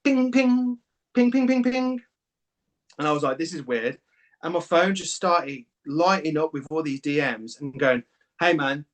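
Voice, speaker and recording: A man, a clinic owner and guest, telling his story candidly and with feeling, swearing casually. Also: fairly high pitch. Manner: emotional, swears casually, animated retelling.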